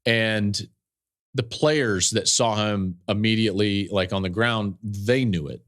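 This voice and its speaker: A man with a lowish voice hosts a sports podcast. He tells a story earnestly, at times close to tears, repeating himself and reaching for fillers along the way. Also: measured pace, fairly bright tone. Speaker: podcast host and football analyst.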